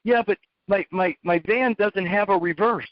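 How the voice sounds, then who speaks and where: A man's voice: sits high, normal speed, no echo, pitched above the performer's own voice, close to an everyday voice. A man putting on a panicked young driver who stammers and sounds flustered, recorded dull and dry. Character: panicked young man, first-time car owner.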